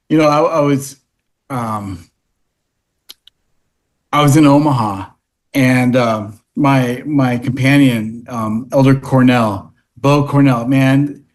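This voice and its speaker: A man telling stories as a podcast guest, rambling with many restarts and fillers, and growing animated as the events unfold. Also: medium pitch. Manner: animated when recounting events. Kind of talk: casual storytelling.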